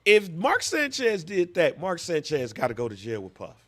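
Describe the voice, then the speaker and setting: A man's voice: fairly high pitch, wildly swooping pitch, normal speed. A man in his thirties, a podcast co-host, telling a story with lots of animation and acting out voices in casual chat.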